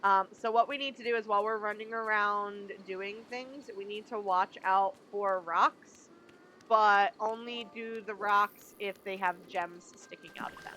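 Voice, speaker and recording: Bright, chatty streamer woman. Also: mid-range voice, steady tone, unhurried, slight background noise, low-quality recording. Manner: chatty, talks to her viewers. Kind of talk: casual gameplay commentary.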